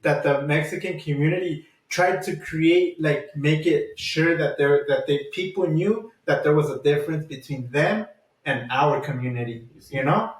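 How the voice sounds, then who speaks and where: Measured young man, echoey and distant. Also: a little high. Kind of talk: casual chat.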